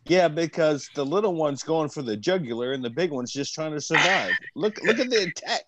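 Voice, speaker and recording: A man's voice: a little high, animated, brisk, a bit bright, no room sound. A slightly tipsy man chatting casually, rambling and restarting his sentences. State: a little tipsy. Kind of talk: casual chat.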